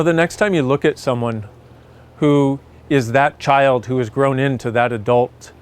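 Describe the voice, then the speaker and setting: A man reading aloud and then speaking reflectively to his viewers in a gentle, earnest, emotional way. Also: medium pitch. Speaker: self-help video host.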